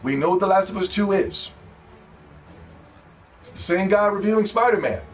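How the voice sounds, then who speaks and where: A man streaming live, ranting loudly and mockingly at a game review, with plenty of profanity. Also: sits high, lively intonation, normal speed, recorded from a distance. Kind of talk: live-stream reaction rant.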